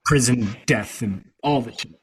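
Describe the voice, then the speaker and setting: A man's voice: medium pitch, measured pace, slightly rough, low-quality recording. A man hosting a casual chat, rambling along with many fillers and restarts.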